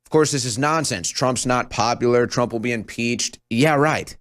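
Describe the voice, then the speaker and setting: A man's voice: medium pitch, moderate pace, a bit bright, no echo, clean studio sound. Sarcastic talk show host, man. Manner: mocking, scornful, jumps between topics.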